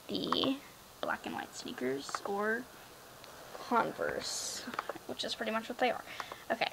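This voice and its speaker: Chatty high-voiced teen girl. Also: wildly swooping pitch, unhurried, gravelly, long pauses, fairly bright tone, whispered, rough recording. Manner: rambling, chatty, lots of fillers and "like". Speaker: gaming vlogger. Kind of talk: casual screen-recorded game chat.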